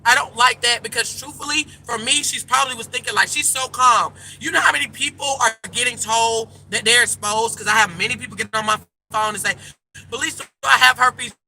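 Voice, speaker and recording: A woman's voice: on the high side, fairly even intonation, fairly quick, hardly any pauses, pushed and bright, a little hiss or hum. A woman life coach talking casually and emphatically to her viewers from a car, calling them y'all. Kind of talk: casual direct-to-camera chat.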